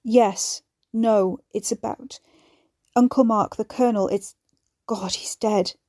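A grief-stricken man begs for help between gasps, as a woman reads him aloud. His voice sounds mellow and dry. He keeps breaking off as he talks. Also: mid-range voice, takes it slowly, breathy edge, dry recording. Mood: distraught. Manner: broken, gasping, pleading. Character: distraught grown man, grief-stricken and pleading.

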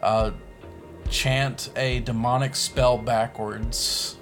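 A man co-hosting a podcast, retelling a movie plot in an animated way, laughing and saying "like" a lot. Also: medium pitch, very slow, faint music behind. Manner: animated storyteller, laughs often, lots of "like". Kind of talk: casual movie recap chat.

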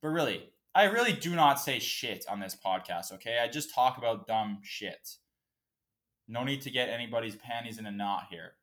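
A man's voice: mid-range voice, animated, moderate pace, fairly bright tone. A man hosting a casual solo podcast, ranting in a profane, emotional, fired-up way. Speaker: podcast host.

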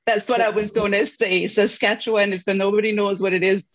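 A podcast host who mostly listens and now and then jokes along with the guest, at a middling pitch. The audio is dull and lo-fi, with faint noise in the background. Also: flat delivery, brisk, a bit bright. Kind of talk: casual interview chat.

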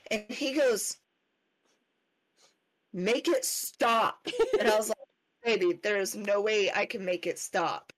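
A mother co-hosting a podcast, telling an animated parenting story in casual chat. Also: mid-range voice, moderate pace, poor audio. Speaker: podcast co-host.

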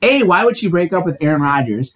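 Guy from wisconsin, kinda high voice, goofy hype man vibe on a chill podcast. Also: big pitch swings, fast, a bit bright, husky. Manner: playful, teasing, hypes things up. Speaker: podcast co-host. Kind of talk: casual chat.

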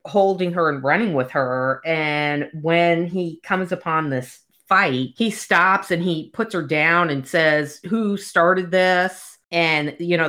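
A woman co-hosting a casual book podcast, telling stories and acting out the dialogue. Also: deep voice. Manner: animated storyteller, acts out dialogue. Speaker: podcast co-host.

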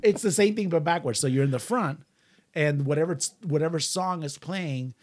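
A man's voice: on the high side, normal speed. A man hosting a casual show, rambling and laughing often as he chats. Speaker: radio show host. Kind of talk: casual chat.

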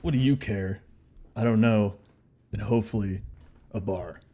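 A man's voice: on the low side, rapid-fire, a little mellow, close to an everyday voice. A man voicing a surly, slim, armed man who answers curtly and dismissively. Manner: curt and dismissive.

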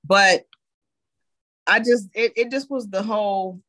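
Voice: mid-range voice, fairly even intonation, takes it slowly, pushed and bright, dry recording. A speaker in a casual chat, rambling and hedging with lots of fillers.

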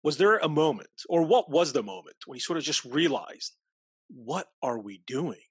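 Male interview host, husky voice, short questions, dry mic. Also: on the high side, big pitch swings, normal speed, dry recording. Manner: short prompts and follow-up questions. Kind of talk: conversational interview.

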